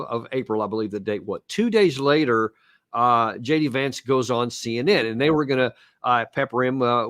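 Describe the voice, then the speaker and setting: A man's voice: mid-range voice, fairly bright tone, dry recording, studio quality. A man hosting an interview, asking probing questions in a conversational way and chuckling along. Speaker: podcast host.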